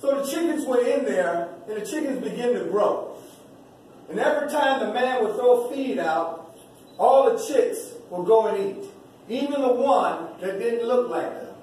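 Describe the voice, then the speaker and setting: Male speaker, very high voice, preaching a parable in rhythmic repeats, distant in a booming hall. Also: lively intonation, unhurried, darkish tone. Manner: storytelling with repeated rhythmic phrases. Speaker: graduation speaker. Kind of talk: preaching-style speech. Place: large echoey hall. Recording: very echoey hall, distant voice, faint noise.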